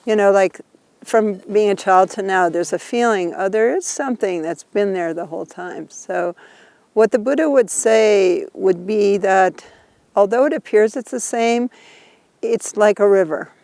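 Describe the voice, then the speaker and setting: A woman's unhurried, medium-pitched voice with a darkish tone is recorded dry. As a Buddhist teacher guiding a tour, she walks a group outdoors, informally explaining ideas with patience and frequent laughter.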